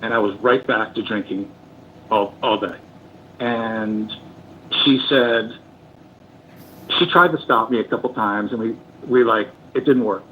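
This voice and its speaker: An older man calling in, recounting his turn away from drinking in an earnest, halting way, close to tears. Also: fairly low pitch, sharp tone, a little hiss or hum. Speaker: call-in guest. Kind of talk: emotional personal testimony. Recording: tinny phone line.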